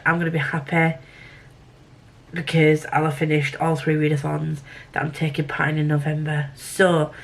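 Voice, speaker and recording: A woman's voice: on the low side, a bit bright. Chatty woman rambling through a reading vlog. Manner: rambling, chatty, thinks aloud. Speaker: book vlogger. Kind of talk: casual reading vlog chat.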